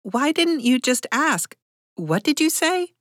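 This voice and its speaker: A woman's voice: mid-range voice, expressive, a little slow, no echo, clean studio sound, close to an everyday voice. A woman voicing a young female student who speaks defensively and with exasperation. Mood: exasperated.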